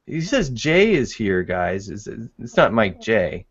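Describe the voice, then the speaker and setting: A man's voice: lowish voice, very animated, slow, slightly rough, dull audio. A man co-hosting a live webinar in casual chat, laughing often and reading the chat aloud. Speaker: webinar co-host.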